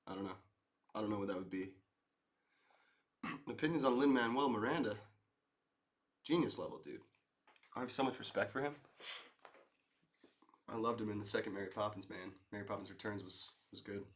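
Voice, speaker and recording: Speaking at normal speed in a fairly low voice with long pauses, a thirty-something streamer chats casually while responding to viewers. There's a little hiss or hum, and his rambling, easygoing talk is peppered with "dude" and "man."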